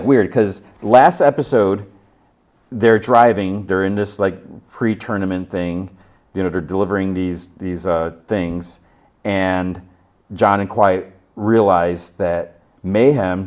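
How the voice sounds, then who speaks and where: A man hosting a podcast, casually recapping TV episodes and quoting characters in a low, muted voice. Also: takes it slowly, a little mellow. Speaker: podcast host.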